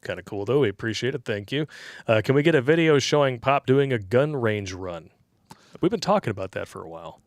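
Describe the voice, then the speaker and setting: A man co-hosting a livestream, reading viewer tips aloud and riffing on them with crude, mocking humor. His voice sits at an ordinary middle pitch, recorded close and dry with no room sound. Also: animated, fairly quick, no echo. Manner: crude joking, reads tips aloud, laughs at own jokes. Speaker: livestream co-host reading donor messages. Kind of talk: casual livestream chat.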